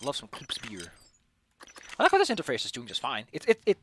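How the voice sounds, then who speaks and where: A man's voice: medium pitch, huge pitch swings, a little fast, slight background noise. A young man streaming a video game, rambling in sarcastic, casual commentary that is full of swearing. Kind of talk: casual let's-play commentary.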